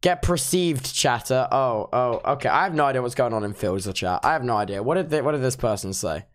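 A man's voice: mid-range voice, lively intonation, a little fast. A sleep-deprived man streaming casually, reacting playfully and teasing his chat as he reviews unban requests. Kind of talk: casual livestream commentary.

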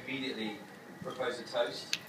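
A young man giving his wedding toast as the groom, halting with many fillers and fighting back tears. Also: mid-range voice, level tone. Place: wedding reception hall. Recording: echoey hall from far off, crowd noise.

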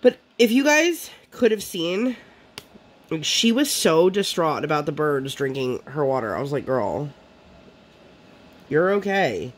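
A woman's voice: deep voice, lively intonation, moderate pace. A woman vlogger chatting casually while she crafts, rambling and full of fillers.

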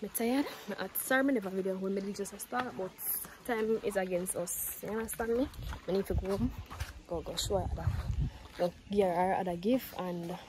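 A woman's voice: medium pitch, background noise. A woman, chatting casually to her viewers in a vlog. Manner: chatty, addresses viewers as guys. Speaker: vlogger.

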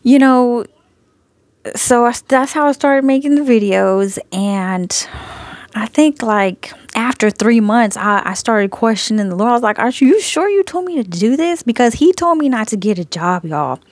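A woman's voice: fairly high pitch, measured pace, no echo. A woman giving a casual spoken testimony, telling her story with animation, laughing often and acting out both sides of her conversations, recorded on a phone. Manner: frequent laughter. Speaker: Christian video creator sharing messages.

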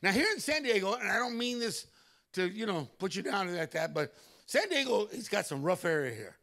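Male pastor preaching in church; high, ringing voice, lively stories and loud exclamations. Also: brisk, vocal fry. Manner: animated storytelling with loud exclamations. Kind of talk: sermon.

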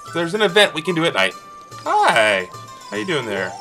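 A man chats through his video game run in a loose, jokey way, teasing the characters on screen. His voice is bright and wildly animated, rising and falling all the time. Soft game music plays faintly behind him. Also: a little high, moderate pace. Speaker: let's play host. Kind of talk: casual gameplay commentary.

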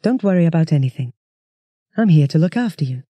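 A reader voicing android copies of a mother, soft, homely and brisk in a storybook audiobook. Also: medium pitch, animated, dry recording, highs cut off, close to an everyday voice. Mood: eerily cosy.

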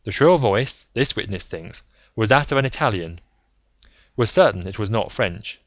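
A man narrating an audiobook in a measured, even reading style. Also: on the low side, no echo. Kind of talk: scripted narration. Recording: slightly muffled lo-fi recording.

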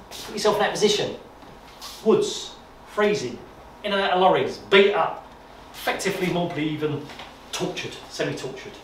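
A man gives a chatty talk at an exhibition, voice pitched a little high. He tells his stories with animated repetitions and asides. He is heard from a distance in an echoey room with clear background noise. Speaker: guest speaker on wartime history. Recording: echoey room from far off, noisy.

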